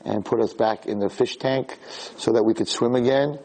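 A man, a rabbi, giving a Torah class sermon with animated stories and rhetorical questions. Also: medium pitch, moderate pace.

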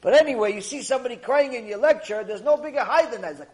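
The audio is poor, and this rabbi's voice is extremely high-pitched as he moves quickly through a Torah lecture. Animated and prone to repeating himself, he tells stories and plays out the people in them.

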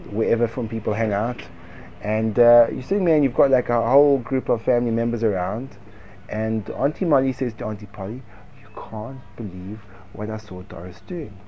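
A man teaching Torah in a lively, argumentative discussion, firing rhetorical questions and sprinkling Hebrew and Yiddish yeshiva terms into his speech. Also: mid-range voice, fairly quick, lo-fi sound, a little hiss or hum. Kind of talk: lively Talmudic-style discussion.

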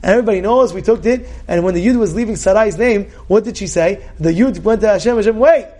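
A rabbi gives a Torah class in a fairly high voice. He teaches emphatically, asking rhetorical questions and breaking into loud outbursts. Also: fast talker.

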